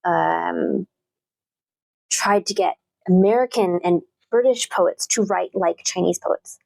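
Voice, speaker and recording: A woman's voice: on the low side, slow, gravelly, a little mellow, dry recording. A woman who teaches literature, chatting thoughtfully in an interview with plenty of fillers and restarts. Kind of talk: casual interview talk.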